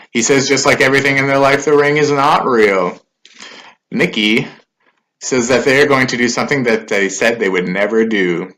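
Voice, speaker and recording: A man's voice: medium pitch, normal speed, fairly bright tone. A man giving a casual spoken recap of a wrestling show, loose and conversational with filler words and asides.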